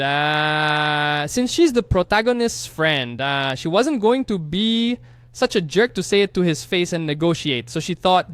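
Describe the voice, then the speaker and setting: A man casually recapping a comic story, excitable and slangy, teasing the viewers with asides. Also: high-pitched, normal speed, no room sound. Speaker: manhwa recap narrator.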